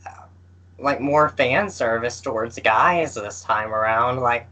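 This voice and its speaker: A man's voice: medium pitch, sharp tone, rough recording. A man co-hosting a podcast in casual chat, hesitant and full of fillers. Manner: slow and hesitant, with many fillers. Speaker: podcast co-host. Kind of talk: casual chat about games.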